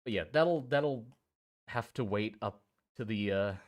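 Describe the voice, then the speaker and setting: Young man, from Germany and Thailand, low-pitched, rambling casual stream chat, restarts and swearing. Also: unhurried. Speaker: streamer drawing miniatures.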